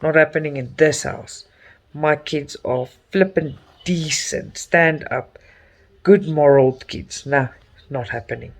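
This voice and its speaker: A man's voice: a little high, takes it slowly, vocal fry. A middle-aged South African man, an Afrikaans speaker, chatting casually as a cross-stitch vlogger while he stitches. He talks in a chatty, openly emotional way with frequent exclamations.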